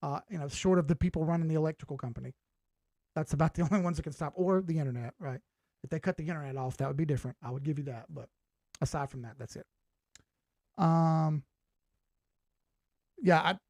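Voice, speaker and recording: Late-30s guy on a crypto stream, kinda high voice, laid-back and blunt, dry close mic. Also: a little mellow, no echo. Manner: laid-back, talks straight to viewers, swears casually. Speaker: crypto chart analyst and livestream host. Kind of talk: casual livestream chat.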